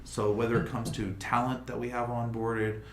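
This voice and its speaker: A man hosting a casual livestream chat, talking in an animated, rambling way full of restarts. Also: mid-range voice, moderate pace. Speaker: crypto project host. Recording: roomy room with faint noise.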